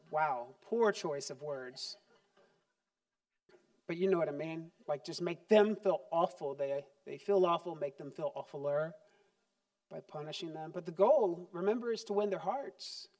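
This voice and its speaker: High-voiced animated male preacher. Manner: animated, acts out parent and child voices. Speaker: pastor. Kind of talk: sermon.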